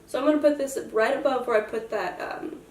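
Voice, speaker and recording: A woman's voice: sits high, fairly quick, a little mellow. Young woman, makeup tutorial, chatty, self-joking, distant camera mic, roomy echo. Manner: chatty and self-joking, explaining each step. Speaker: makeup vlogger.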